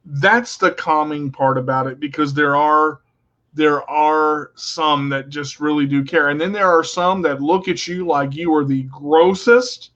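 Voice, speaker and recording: A man's voice: a little high, fairly even intonation, measured pace, fairly bright tone, dull audio. A man hosting a radio talk show, telling stories with many stammered restarts and dry jokes. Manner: stammering restarts, joking storyteller. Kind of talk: casual conversation.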